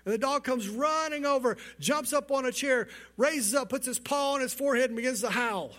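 A man preaching from the pulpit with a strikingly high voice. He tells his story in a lively, animated way, often doubling back on his words as he goes. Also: brisk. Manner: storytelling, animated, repeats words while speaking. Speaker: pastor. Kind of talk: sermon with a told joke.

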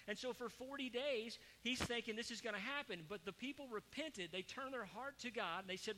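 A man preaching a sermon, animated, acting out quoted voices with sudden rises. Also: fairly quick, few pauses, background noise. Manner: animated, acts out quoted voices with rising pitch. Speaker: pastor.

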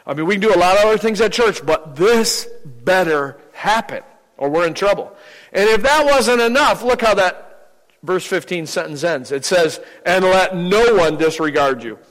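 A man's voice: high voice, lively intonation, normal speed, a bit bright, long reverb tail, rough recording. An older man, a visiting preacher, giving a sermon in a joking, conversational way, acting out little anecdotes. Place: church sanctuary.

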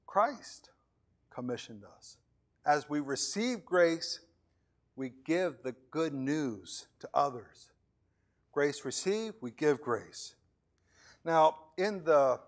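A middle-aged pastor preaching a sermon in church, breaking into acted-out skits and often repeating words as he restarts. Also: mid-range voice. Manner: plain preaching with acted-out skits and quick voice changes.

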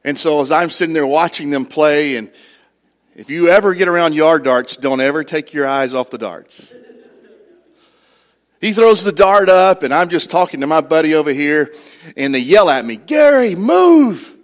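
A man's voice: a little high, normal speed. Middle-aged man preaching a conversational sermon. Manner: conversational storytelling, asks the congregation questions. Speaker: pastor.

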